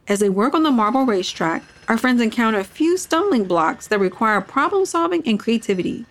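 A woman's voice: on the high side, animated, brisk, few pauses. A woman narrating a children's story podcast and hosting the show. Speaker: narrator and host.

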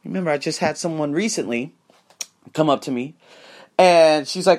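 Fired-up, emphatic American man host. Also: fairly quick. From United States. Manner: high-energy, emphatic, profane. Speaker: podcast host. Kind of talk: motivational monologue.

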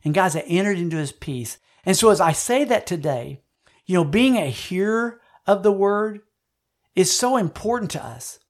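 A man's voice: high-pitched, lively intonation, normal speed. A man preaching a sermon in an earnest, personal testimony style, repeating words when he presses a point. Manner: earnest, personal testimony with frequent swings in loudness. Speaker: pastor.

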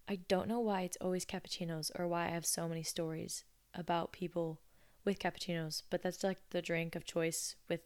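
A woman's voice: fairly low pitch, vocal fry, a little mellow. A woman in her twenties telling stories in a chatty, sarcastic, casual way. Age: 20s. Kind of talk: casual storytelling.

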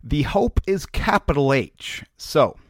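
A man on a podcast who tells silly game lore in a mock-dramatic way. His pitch rises and falls a lot, and the room sounds dry and close. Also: expressive, slow pace, dry recording. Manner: mock-dramatic, laughing at own jokes. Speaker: podcast co-host. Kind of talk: comedic lore storytelling.

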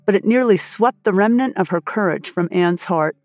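A woman's voice: mid-range voice, no echo, faint music behind. Woman narrating a story, dry close sound. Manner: measured, expressive reading. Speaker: audiobook narrator.

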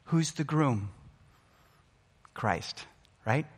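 A man's voice: medium pitch, animated, drawn-out words, slightly rough. A middle-aged man preaching a sermon as pastor, earnest and emphatic, his delivery rising and falling. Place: church sanctuary. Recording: long hall reverb.

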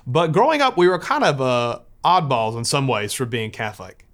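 A man's voice: medium pitch, moderate pace. A man from the United States telling a personal faith story in a conversational way. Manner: conversational, lively when quoting others.

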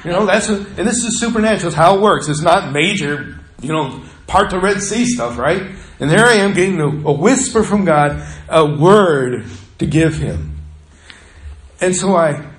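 Male pastor, earnest storytelling sermon, slightly high voice, roomy church echo. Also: expressive, normal speed. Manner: earnest, conversational, drops to hushed tones. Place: church sanctuary.

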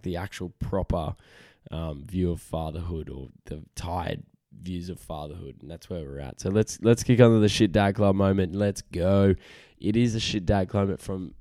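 A man's voice: low-pitched, mellow, no room sound, clean studio sound. A tired man hosting a casual solo podcast, rambling, frank and self-deprecating, swearing freely. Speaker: podcast host.

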